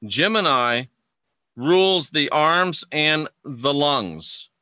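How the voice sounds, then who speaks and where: A man's voice: a little high, expressive, extremely slow, sharp tone, clear, resonant tone, no room sound, clean studio sound. A man hosting a casual livestream lesson, chatting with viewers and stumbling over his words. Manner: chatty, reads viewer comments aloud, stumbles and restarts. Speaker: livestream host teaching astrology.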